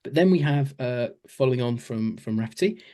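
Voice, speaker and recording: A podcast co-host with an expressive, mid-range voice reviews a TV series fairly quickly in a chatty, enthusiastic way, full of fillers. His tone is mellow.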